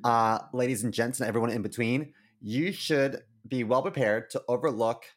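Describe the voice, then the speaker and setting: A man co-hosting a casual comedy podcast, talking in a relaxed, frank and jokey way. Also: medium pitch, moderate pace. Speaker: podcast co-host.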